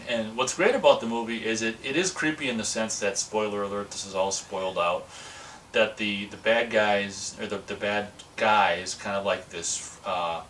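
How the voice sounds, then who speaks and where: A man rambles through a casual movie review, acting out lines from the film as he goes. His voice is low-pitched but bright. He sits some way from the mic, with faint background noise. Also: far from the mic, rough recording. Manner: rambling, digressive, acts out quotes.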